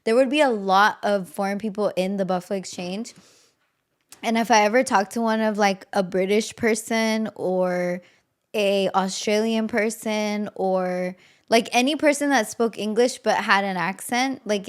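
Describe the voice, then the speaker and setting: A young woman hosting a podcast in casual chat, gossipy and quick to laugh, with lots of "like". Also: mid-range voice, smooth. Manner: chatty, gossipy, laughs often, says "like" a lot. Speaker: podcast host.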